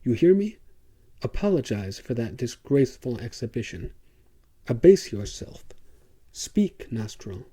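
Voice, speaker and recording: A man voicing a furious, loud male horse dealer in an audiobook. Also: medium pitch, animated, measured pace. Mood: raging. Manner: raging, loud.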